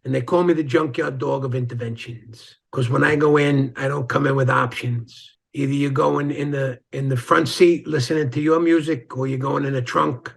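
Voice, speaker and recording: Gravelly, husky man telling blunt stories. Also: medium pitch, steady tone, moderate pace, few pauses. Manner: blunt storyteller, acts out quotes. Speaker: guest. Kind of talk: casual interview conversation.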